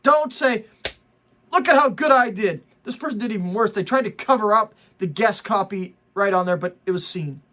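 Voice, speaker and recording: In this ranting social media commentary, a middle-aged man hosting a vlog speaks at a moderate pace in a high-pitched, bright, forceful voice. He's indignant about people lying for likes, preaching between jokey asides.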